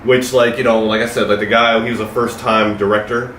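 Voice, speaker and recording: A man's voice: on the low side, little pitch movement, brisk, a bit bright. A man casually reviewing a movie with friends, rambling with lots of fillers. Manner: loose, rambling, many fillers. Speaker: podcast co-host. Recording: echoey room, distant mic, faint noise.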